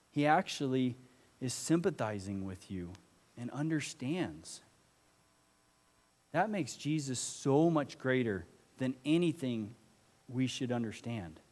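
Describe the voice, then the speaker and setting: A pastor with a mid-range, darkish-toned voice preaches to his congregation in an earnest, conversational way, asking the listeners direct questions. The church hall adds reverb to the recording.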